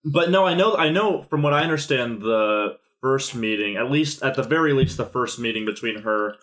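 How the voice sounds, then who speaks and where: A man in an easygoing book-club podcast, his voice sitting at an ordinary middle pitch. He stumbles and restarts his sentences often, then gets animated when retelling scenes. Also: moderate pace. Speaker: podcast co-host. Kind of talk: casual book-club chat.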